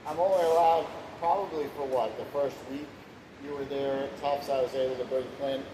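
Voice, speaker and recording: A man's voice: medium pitch, steady tone, brisk. A man in his thirties, casually telling his life story in a rambling, plainspoken way, now and then swearing. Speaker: husband sharing his testimony. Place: room at home. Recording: echoey room with background hiss.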